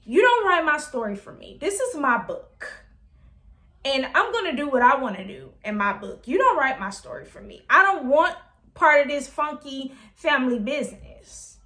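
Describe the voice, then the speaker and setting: A woman's voice: medium pitch, fairly bright tone, close to an everyday voice. A woman voicing a defiant young woman who insists on living her own way, speaking emphatically and insistently.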